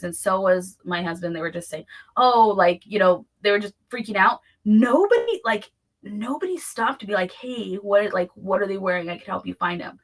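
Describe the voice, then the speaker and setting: A woman in her thirties co-hosting a casual talk show, talking in a chatty way with plenty of "like" fillers. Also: medium pitch. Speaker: podcast co-host. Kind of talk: casual chat.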